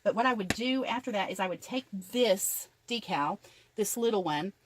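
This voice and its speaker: A woman's voice: medium pitch, animated, moderate pace, rough recording. An older woman chattily narrating each step of a craft tutorial as she works. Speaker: craft vlogger.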